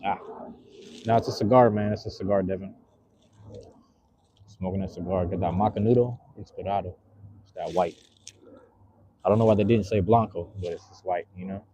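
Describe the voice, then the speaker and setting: A man's voice: sits low, fairly even intonation, normal speed, long pauses, warm tone, slight background noise. A man hosting a casual livestream, chatting loosely and reading out viewers' messages, with a rambling, slang-filled manner while smoking a cigar. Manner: laid-back, rambling, reads chat aloud with slang. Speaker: livestream host.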